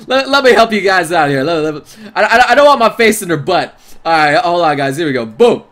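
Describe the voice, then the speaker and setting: A man streaming a visual novel, reading its narration aloud and reacting in an excitable, jokey way. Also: sits high, a little fast. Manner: excitable, jokey, breaks into laughter.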